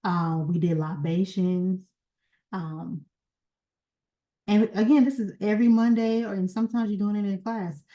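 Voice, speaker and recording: Mellow-voiced woman casually reminiscing. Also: mid-range voice, fairly even intonation, measured pace, long pauses, low-quality recording. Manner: rambling, searching for words, chatty with laughs. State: a little sleepy. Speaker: genealogy channel founder and host.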